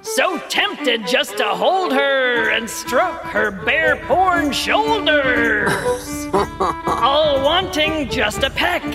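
A woman putting on a pirate god voice, reciting a bawdy poem slowly. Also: animated, over loud music, exaggerated voice. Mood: mock solemn. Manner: slow, drawn-out, high pitched recital.

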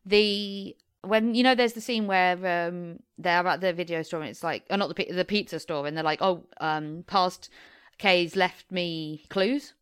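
A woman's voice: lowish voice, normal speed, few pauses, clear, resonant tone, dry recording, clean studio sound. A young woman co-hosting a podcast, chatting casually in a rambling way with restarts. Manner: rambling, lots of fillers and restarts. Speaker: podcast co-host. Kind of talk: casual chat.

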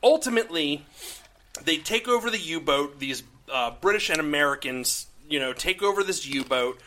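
A man casually recapping a film on a podcast, excited, swearing and acting out characters' lines. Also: on the high side, moderate pace, slight background noise. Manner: enthusiastic, swearing, acts out quotes. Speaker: podcast co-host. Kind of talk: casual movie discussion.

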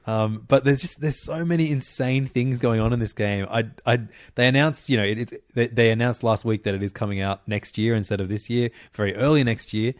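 A man's voice: medium pitch, a little fast, hardly any pauses, no echo, studio quality. A man co-hosting a casual gaming podcast, talking hesitantly with lots of ums and some swearing. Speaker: podcast co-host.

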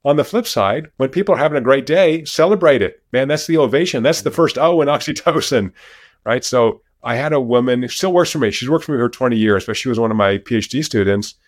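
A man as an interview guest, talking over a video call, lively and animated as he tells stories from his research. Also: mid-range voice, a little fast, no echo, studio quality. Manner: animated storyteller, lively when telling anecdotes. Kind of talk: interview conversation. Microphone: remote video call.

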